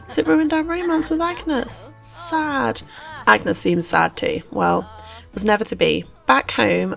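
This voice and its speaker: A woman's voice: mid-range voice, vocal fry, fairly bright tone. A woman, a host chatting playfully through casual game commentary. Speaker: let's play host.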